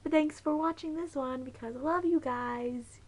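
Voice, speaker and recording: A woman's voice: high-pitched, moderate pace, darkish tone, low-quality recording. Young woman vlogging, rambly and giggly, keeps losing her train of thought. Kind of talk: casual chat.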